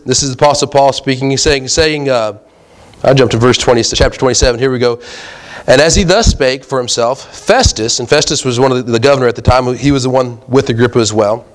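A man preaching a sermon, reading scripture aloud and then asking his listeners emphatic, rising questions in a conversational way. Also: medium pitch. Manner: addresses listeners as guys, reads scripture aloud.

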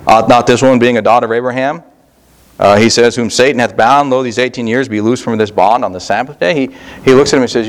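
A man preaching a sermon, pausing often with fillers and repeated words, reading Bible verses in old-fashioned wording. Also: medium pitch. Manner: reads scripture in King James wording. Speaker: pastor.

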